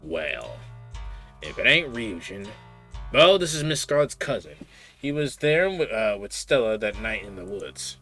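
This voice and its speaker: A man voicing a gruff middle-aged farmer with a folksy Southern US drawl, protective of his family. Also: on the low side, sing-song, unhurried, pushed and bright, faint music behind, exaggerated voice.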